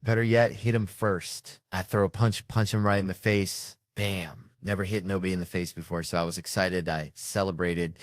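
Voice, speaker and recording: A man telling stories in a stand-up set, animated and breaking into loud shouted impressions. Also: sits low, normal speed, hardly any pauses, no room sound, clean studio sound. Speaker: comedian. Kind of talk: stand-up storytelling. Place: stage before a live audience.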